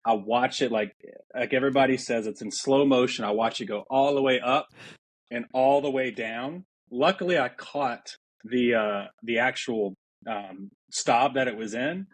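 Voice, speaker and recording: A man's voice: medium pitch, moderate pace, no echo. A man hosting a podcast and telling a vivid, self-mocking story from his waiter days in a casual chat. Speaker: podcast host.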